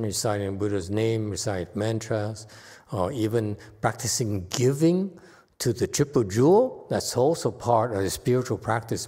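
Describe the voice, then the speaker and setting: A man's voice: medium pitch, warm tone. A man, a Buddhist monk, giving an informal dharma talk in short broken phrases and laughing often. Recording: reverberant hall.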